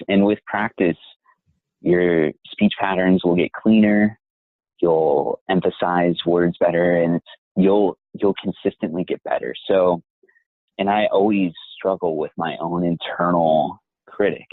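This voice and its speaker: A young man, a voice actor, talking in a measured, reflective and encouraging way as an interview guest. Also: deep voice, slightly rough, no room sound. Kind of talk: interview conversation. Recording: tinny phone-like line.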